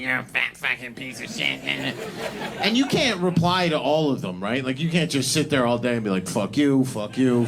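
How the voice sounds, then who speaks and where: A man's voice: mid-range voice, noisy background. A man from Canada doing a stand-up set, crude and rambling, restarting his sentences. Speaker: stand-up comedian. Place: comedy club stage.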